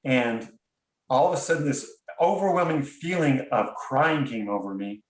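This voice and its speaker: A man's voice: mid-range voice, animated, normal speed. A man, a podcast guest, tells a personal story in an earnest, reflective way, often stopping and restarting his sentences. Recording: roomy sound, distant from mic.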